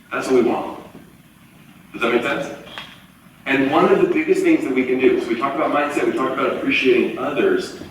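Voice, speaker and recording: A man in his forties giving a live motivational talk, telling stories in an animated way and acting out the voices of the people he quotes. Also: medium pitch, a little fast, pauses often, slight background noise. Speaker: motivational speaker. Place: large auditorium. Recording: echoey hall from far off, faint ambience.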